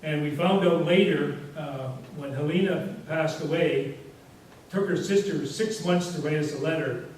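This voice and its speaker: A man with a somewhat high voice tells rambling, easygoing anecdotes to a room, his words scattered with "you know". He is caught from a distance in a very echoey hall with a faint hiss underneath. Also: a little slow, a little mellow. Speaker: guest speaker. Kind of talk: casual storytelling presentation.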